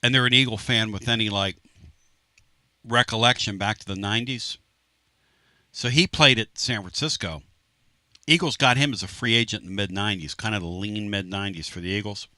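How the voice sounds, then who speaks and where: A man hosting a sports talk radio show, telling animated stories in a brash, lively way. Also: fairly low pitch, a little fast, no echo, clean studio sound. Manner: animated storyteller, does mock voices, brash.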